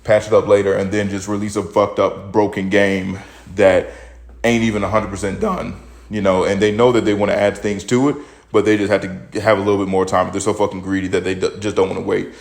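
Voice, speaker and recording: A man's voice: sits low, flat delivery, fairly quick, gravelly. A young man hosting his own opinion podcast, ranting bluntly and profanely about the news, a little out of breath. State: slightly out of breath. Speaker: podcast host. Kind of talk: casual opinion commentary.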